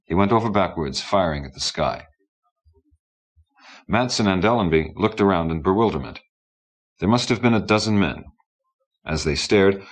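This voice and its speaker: Very deep-voiced male audiobook narrator. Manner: steady, measured storybook narration. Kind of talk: audiobook reading.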